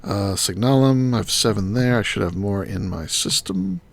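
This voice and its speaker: A man's voice: lowish voice, moderate pace, vocal fry. A man streaming a game live, thinking aloud and muttering item names as he works. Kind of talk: live gameplay commentary.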